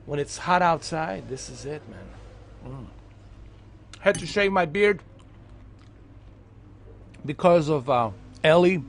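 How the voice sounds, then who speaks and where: A man's voice: fairly high pitch, lively intonation, slow, pauses often, a little hiss or hum. A man chatting casually while gaming, rambling with lots of fillers and restarts. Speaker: gaming vlogger.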